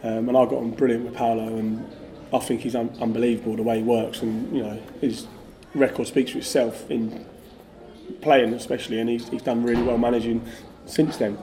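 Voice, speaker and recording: A middle-aged man, a former footballer, telling stories in a casual, animated way with lots of fillers. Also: mid-range voice, fairly quick. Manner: animated, lively storyteller, many fillers like "like". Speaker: former footballer, podcast guest. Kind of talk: casual anecdotal storytelling.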